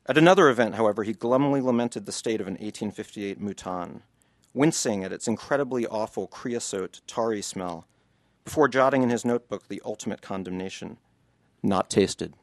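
A man's voice: lowish voice, a little fast, dry recording. A man, an author, reading passages from his book to an audience and then answering questions in a loose, chatty way.

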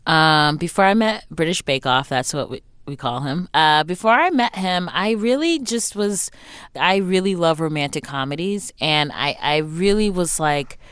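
A woman's voice: deep voice, moderate pace, clear, resonant tone, no room sound. A young woman being interviewed about her book, talking candidly and acting out what other people said, with lots of "like" fillers. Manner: animated, acts out quoted voices, frequent "like" fillers. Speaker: interview guest, author.

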